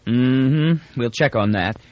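A man's voice: medium pitch, takes it slowly, dry recording, muffled recording, lightly acted. A male narrator voicing a brusque, bureaucratic male inspector who fires off clipped questions in an audiobook. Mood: curt. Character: curt officious male border inspector, brusque.

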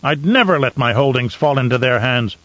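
A man reading an audiobook, voicing a furious, vain, blustering Baron who shouts his orders. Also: mid-range voice, lively intonation, fairly quick, dry recording, muffled recording, close to an everyday voice. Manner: loud, blustering, spiteful. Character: raging, vain, cruel male Baron.

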